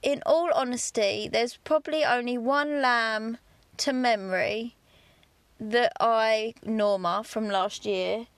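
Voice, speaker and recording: A young woman from England talks through her farm life in a candid, chatty podcast monologue. Her voice sits a little high, and she keeps it down-to-earth with lively asides. The sound is dry and close, with no room around it. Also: takes it slowly, no room sound. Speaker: podcast host, farmer. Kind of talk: casual monologue.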